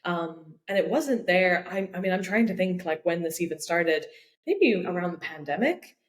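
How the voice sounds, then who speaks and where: A woman's voice: lowish voice, lively intonation, moderate pace. A young woman, a voice coach, talking thoughtfully as a podcast guest, with many likes and restarts. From Ireland. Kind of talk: casual interview talk. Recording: roomy echo.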